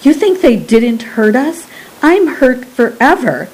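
A woman doing a shrill, wailing frightened young woman. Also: very animated, slow pace, a little mellow, breathy edge, heavily acted, rough recording. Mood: distraught.

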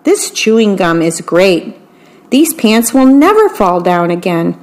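A woman voicing a cranky old male mouse in a children's storybook, crying out in a high voice. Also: sing-song, unhurried, a little mellow. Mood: delighted. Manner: high, cried-out exclamations. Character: grumpy old male mouse, later delighted.

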